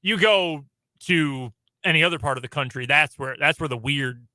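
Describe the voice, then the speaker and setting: A man's voice: on the high side, normal speed, pushed and bright, dry recording. A man from the Midwest with a slightly nasal Midwestern accent, co-hosting a sports radio show in an upbeat, joking way. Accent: Midwestern American. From American Midwest. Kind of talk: casual sports radio banter. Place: radio studio.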